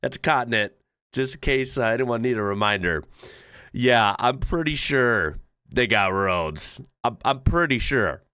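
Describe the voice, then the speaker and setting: A man's voice: mid-range voice, lively intonation, a little slow, sharp tone, clear, resonant tone, no echo, studio quality. A man hosting a casual reaction video, chuckling and making sarcastic asides. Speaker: reaction channel host.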